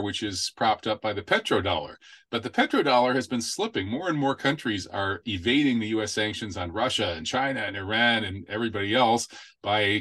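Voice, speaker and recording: A male host leads a casual political talk show in a low, pushing voice. He is chatty and wry and likes a pun. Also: a bit bright, slightly rough. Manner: chatty and wry, makes puns.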